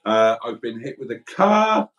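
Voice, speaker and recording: A man's voice: medium pitch, very animated, measured pace, a bit bright, dull audio, soft background music. Rambling man hosting a livestream. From South Wales. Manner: rambling, self-deprecating, chatty. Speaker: livestream host. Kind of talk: casual livestream chat reading comments.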